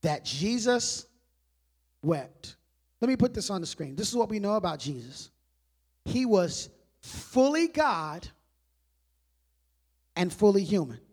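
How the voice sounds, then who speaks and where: A man preaching a sermon in a conversational style, asking rhetorical questions and dropping to quiet emphasis on key words. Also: high-pitched, sing-song, slow, long pauses, slightly rough. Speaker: pastor.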